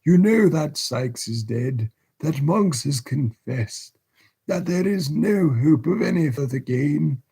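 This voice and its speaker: A man voicing a solemn, grave older gentleman in a storybook reading. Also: fairly high pitch, lively intonation, vocal fry, breathy edge, voice pushed up, exaggerated voice. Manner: solemn, slow, deliberate.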